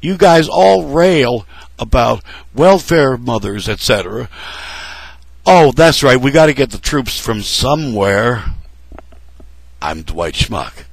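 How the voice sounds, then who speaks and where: A man rants slowly and sarcastically, scolding politicians as if they sat across from him. His voice is gravelly and full of fry. The sound is dry and close, with no room around it. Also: medium pitch, expressive, no room sound, low-quality recording. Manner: sarcastic, scolding, addresses candidates directly. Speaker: political commentary vlogger. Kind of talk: ranting political commentary to camera.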